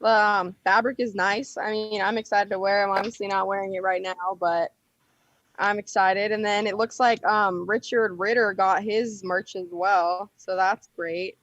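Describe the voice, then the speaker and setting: A woman's voice: mid-range voice, fairly even intonation, a little slow, fairly bright tone, dry recording, lo-fi sound. A woman speaking lightly and hesitantly from off-mic in a casual chat.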